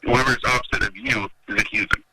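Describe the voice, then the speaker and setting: A man's voice: big pitch swings, fast, vocal fry. Guy rambling about running a metal fest on the radio, mid voice, noisy line. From Minnesota, USA. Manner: rambling storyteller, acts out quotes in a higher voice. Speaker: festival organizer, guest. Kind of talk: casual interview chat. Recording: noisy radio interview audio.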